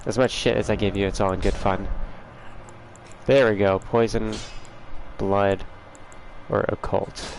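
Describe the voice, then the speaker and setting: A man's voice: fairly low pitch, fairly even intonation, a little slow, gravelly, long pauses, slight background noise, poor audio. A man hosting a casual gaming livestream from his room at home, chatting and teasing viewers by name.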